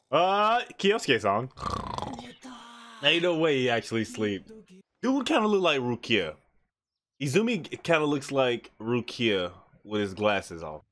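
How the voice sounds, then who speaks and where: A man runs an anime reaction channel, his mid-range voice carrying excitable, slang-heavy casual commentary. He laughs often.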